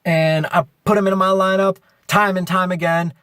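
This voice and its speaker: A man's voice: on the high side, flat delivery, fast, few pauses, a bit bright, dry recording, studio quality. A man in a comic interview, ranting in an exaggerated way that swings from mock-tender to threatening. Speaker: fantasy league player in a comic interview. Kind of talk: mock-angry comic rant.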